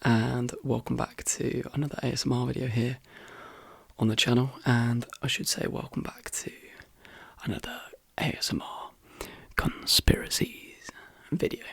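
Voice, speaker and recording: A man talking in a soft-spoken ASMR voice that keeps slipping into whisper. His voice is croaky and worn hoarse, gravelly and very breathy, and it sounds close and dry with no room around it. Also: mid-range voice, normal speed, dry recording. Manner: rambling, relaxed, with fillers. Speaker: ASMR channel host.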